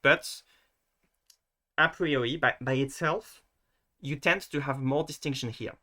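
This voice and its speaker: A man's voice: mid-range voice, a little slow, sharp tone. A man giving a casual screen-share lesson, hesitant and full of restarts, fillers and self-mocking asides. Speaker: video tutor.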